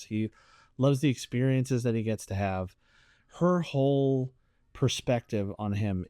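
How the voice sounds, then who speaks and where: Animated man reviewing a series. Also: mid-range voice, clean tone, no room sound, clean studio sound. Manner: animated, acts out characters' lines. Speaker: podcast co-host. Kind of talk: casual chat reviewing a series.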